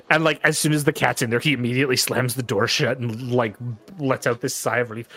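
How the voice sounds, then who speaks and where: A man's voice: medium pitch, fairly even intonation, fast, pushed and bright. A man narrating as game master of a tabletop game, casual and rambling with many fillers.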